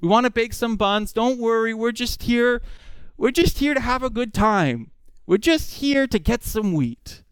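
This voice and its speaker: Sly male bandits faking innocence, put on by a preacher mid-sermon: wheedling, reassuring, pitched high and crisp. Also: animated, measured pace, dry recording. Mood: falsely innocent.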